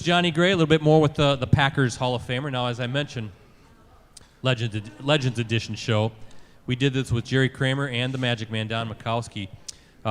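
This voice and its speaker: A man hosting a live sports show, running trivia and introducing a guest with energy. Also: mid-range voice. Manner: energetic, upbeat. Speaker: host. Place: club room at a live show event. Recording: reverberant venue sound.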